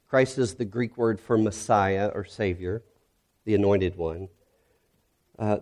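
A male pastor giving an earnest, reflective sermon that grows quiet and soft in its heavier moments. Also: lowish voice.

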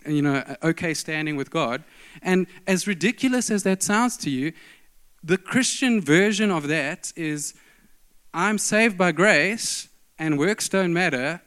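A man's voice: on the high side, fairly bright tone, clean tone. Man preaching an emphatic sermon. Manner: storytelling preacher, emphatic, varied delivery.

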